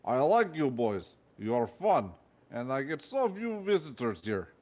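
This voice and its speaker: A man voicing a fat, sweaty, jolly Russian guard who speaks loud, broken English in a thick Russian accent. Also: medium pitch, big pitch swings, a little slow, highs cut off. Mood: boisterous.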